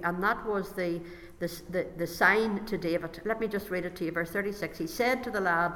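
A woman's voice: fairly low pitch, normal speed, a bit bright. A woman delivers a sermon in a hall with a long echo. She reads scripture aloud, then breaks off to explain each passage in her own words. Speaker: preacher. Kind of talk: sermon with Bible reading.

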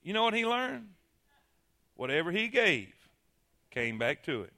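A man's voice: sits high, big pitch swings, measured pace, pushed and bright. A man preaching a sermon, emphatic and calling on the congregation to answer.

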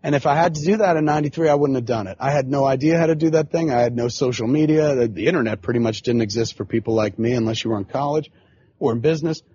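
A man's voice: mid-range voice, quick pace, mellow, slightly rough, no echo, lo-fi sound. A man in his forties hosting a podcast, telling a long casual story full of swearing and filler phrases. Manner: profane, rambling, frequent filler phrases. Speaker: podcast host.

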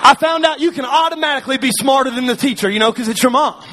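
A man from Alabama speaking on stage to a live audience, telling his story with humor, energetic and often shouting, firing quick questions at the crowd. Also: extremely high pitch, slight background noise.

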